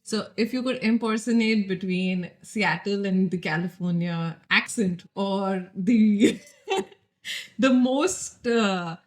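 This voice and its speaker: A woman's voice: mid-range voice, a little mellow. A woman hosting a podcast, chatty and laughing as she asks long, winding questions. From India. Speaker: podcast host. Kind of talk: casual chat.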